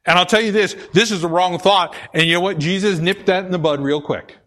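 A man's voice: high voice, fairly quick, bright, forceful tone. A man preaching a sermon, repeating key phrases for emphasis and often stumbling and restarting. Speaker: pastor.

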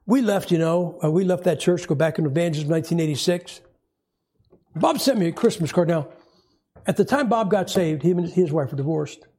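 Husky storytelling preacher man. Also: a little high. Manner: storytelling preacher, animated and wry. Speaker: pastor. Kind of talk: sermon.

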